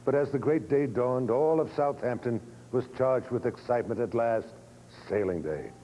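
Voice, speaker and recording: Dark-voiced male documentary host. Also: mid-range voice, dull audio, slight background noise. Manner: measured, dramatic delivery. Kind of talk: scripted documentary narration.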